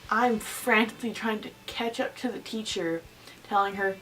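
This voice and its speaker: A woman's voice: mid-range voice, steady tone, moderate pace, fairly bright tone, far from the mic, poor audio. Rambling giggly teen girl vlogger. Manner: rambling, giggly, lots of fillers. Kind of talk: casual storytelling.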